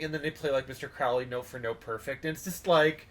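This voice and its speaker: A man's voice: on the high side, steady tone, quick pace, hardly any pauses. A man in a band chatting casually on a livestream, speaking in loose, filler-heavy sentences. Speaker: band member co-host.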